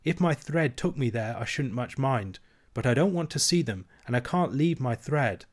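A man's voice: medium pitch, animated, moderate pace, lightly acted. A man reading aloud and voicing a young princess girl who is earnest and insistent, speaking with a raised, eager voice.

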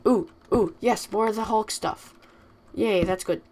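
A woman narrating her own game in let's play commentary, speaking at an unhurried pace in an ordinary mid-range voice. She is chatty and talks back at the game and its creatures. Now and then she bursts out in excitement. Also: mid-range voice, slight background noise. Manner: chatty, scolds the game and mobs, excitable outbursts. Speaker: gamer.

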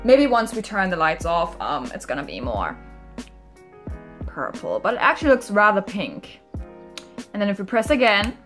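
A young woman vlogging a casual unboxing at home, excitable and chatty, quick to laugh and to squeal in frustration. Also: medium pitch, faint music behind. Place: at home, washing machine running.

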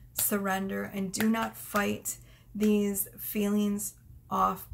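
A woman's voice: mid-range voice, vocal fry. A young woman giving a casual tarot reading, effusive and emotional as she reads out cards. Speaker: tarot reader.

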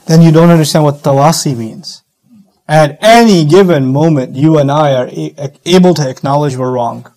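A middle-aged man giving a sermon-style lecture, animated, acting out quoted voices as he teaches. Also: a little high, normal speed, rough recording. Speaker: Islamic speaker.

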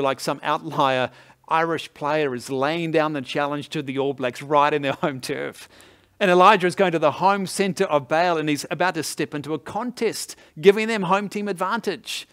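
A man's voice: fairly high pitch, fairly bright tone. A man preaches a sermon. He is conversational and chuckles between points. He often reaches for sports comparisons. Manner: conversational, laughs easily, leans on sports analogies. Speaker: pastor.

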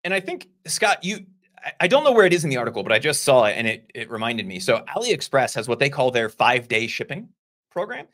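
A man's voice: medium pitch, sing-song, fairly bright tone. Guy co-hosting a chill talk show, explains stuff, lots of asides. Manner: conversational, explains with quick asides and laughs. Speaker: podcast co-host. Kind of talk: casual discussion.

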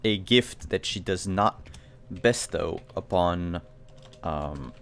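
Unhurried game master, lively pitch. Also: male voice, clear, resonant tone. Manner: easygoing, unhurried with fillers. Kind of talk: introducing players on a tabletop game stream. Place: online video call.

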